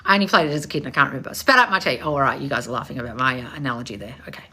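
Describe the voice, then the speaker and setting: A woman manifestation coach on a live stream, loud and passionate, blunt and confrontational, swearing freely and calling listeners darling. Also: a bass voice, very fast, husky. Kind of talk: live-streamed coaching with read-out viewer questions.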